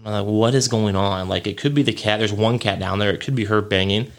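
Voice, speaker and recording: A man's voice: lowish voice, quick pace, gravelly, a bit bright. A young man hosting a podcast, rambling through a casual story with lots of fillers, swearing and chuckles. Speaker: podcast host.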